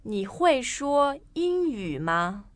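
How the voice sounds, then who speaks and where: A woman co-hosting a language lesson, speaking phrases slowly and clearly for learners to repeat. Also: on the high side, big pitch swings, no echo. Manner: slow, carefully spoken model phrases. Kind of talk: modeling phrases and explaining.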